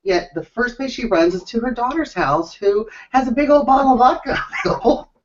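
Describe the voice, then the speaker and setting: A man's voice: extremely high pitch, expressive, brisk, far from the mic. A man co-hosting a recap show, chatting with sarcastic, mocking asides and giggles. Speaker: co-host of a reality TV recap show. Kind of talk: casual chat. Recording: dull sound, off the mic.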